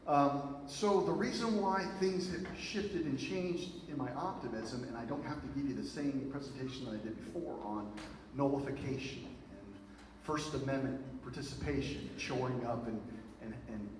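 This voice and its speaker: A man addresses a live audience, telling his story in a lively way with plenty of fillers and side remarks. He is caught from across a large hall, his voice swimming in a long, booming echo. Steady background noise sits under everything. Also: moderate pace, few pauses. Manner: animated storytelling with frequent fillers and asides. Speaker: speaker. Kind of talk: public speech to a live audience. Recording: very echoey hall from far off, noisy.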